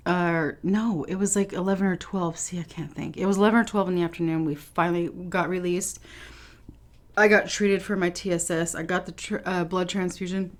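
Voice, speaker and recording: A woman's voice: fairly low pitch, steady tone, a little fast. A young woman vlogger telling a personal story to her viewers in a casual, chatty way, swearing now and then and laughing. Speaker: food vlogger.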